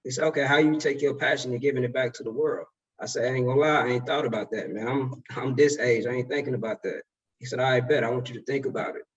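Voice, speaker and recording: A man's voice: mid-range voice, fast talker, breathy edge, far from the mic, dull audio. Young man giving a casual motivational talk. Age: 20s. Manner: casual slang-filled storytelling. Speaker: speaker.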